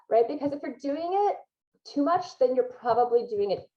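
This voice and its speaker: A woman's voice: sits high, lively intonation, fairly quick, muffled recording. A woman guest in a podcast interview giving advice in an upbeat, emphatic way, with frequent laughs.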